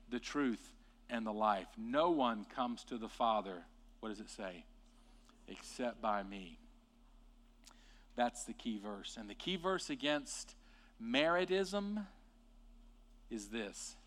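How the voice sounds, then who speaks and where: A man preaching a sermon with passion, rising to loud emphatic peaks and dropping to quiet, deliberate lines. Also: medium pitch, lively intonation. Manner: impassioned, swings from hushed to loud and emphatic.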